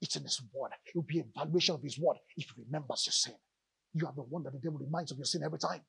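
A male pastor preaching a lively sermon in church, calling out to the congregation and joking between points. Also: on the high side, rapid-fire, gravelly, slightly rough, no room sound. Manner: animated preaching with audience call-outs and jokes.

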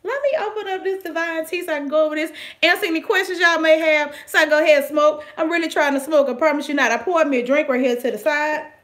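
A woman, chatting casually and excitedly through a product unboxing, with playful slang and sudden whispered asides. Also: sits high, fast, few pauses. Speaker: vlogger reviewing products.

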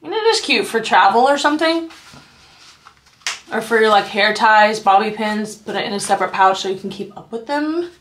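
A woman's voice: a little high, expressive, normal speed, a bit bright, slight background noise. A woman beauty vlogger chatting casually at home, gushing over products and filling her talk with "like" and "you guys". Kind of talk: casual haul vlog chat. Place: her apartment.

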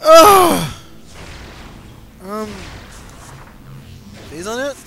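Young male let's player, high voice, slow drawn-out panicky yells, game music loud behind. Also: expressive. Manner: panicky, yelps and pleads at enemies. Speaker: let's play gamer. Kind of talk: gameplay commentary.

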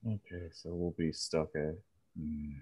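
A man's voice: a bass voice, little pitch movement, a little slow, warm tone, breathy edge. A man playing a tabletop game who chats casually and hesitantly, thinking aloud over a dull, lo-fi voice chat. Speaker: player.

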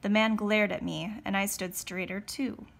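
Role: teacher. Style: reading a novel aloud. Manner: steady, occasional self-corrections. Pitch: medium. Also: female voice, normal speed, vocal fry.

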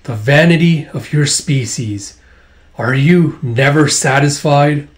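A man reading a slow, weary ancient monster. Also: a little high.

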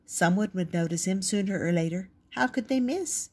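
An older woman reading a children's picture book aloud, gentle and expressive. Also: medium pitch, normal speed, slightly rough. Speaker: storyteller.

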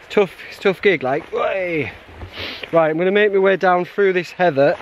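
A man's voice: high voice, moderate pace, lo-fi sound, a little hiss or hum. A man narrating his hike to a handheld camera outdoors on a mountain trail, chatty and self-mocking, laughing often. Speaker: hiking vlogger. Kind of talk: casual vlog narration while hiking.

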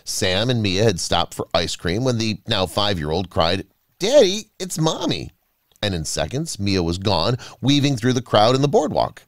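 A man reading a scripted story aloud, with expressive, dramatic delivery. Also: on the low side, moderate pace, hardly any pauses, no echo, studio quality. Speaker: narrator. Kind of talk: scripted narration.

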